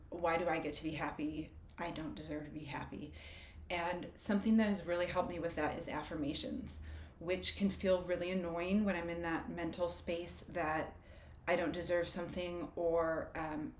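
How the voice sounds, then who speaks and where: A woman's voice: lowish voice, a little mellow, echoey room, a little hiss or hum. A woman talking candidly and reflectively in casual conversation, laughing easily as she shares personal coping tools.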